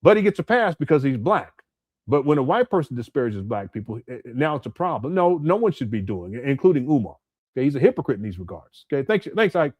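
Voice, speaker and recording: A man's voice: mid-range voice, big pitch swings, fast, darkish tone, breathy edge, no echo. A man hosting a live stream, giving blunt, emphatic commentary and reading viewer super chats aloud, often repeating words as he restarts.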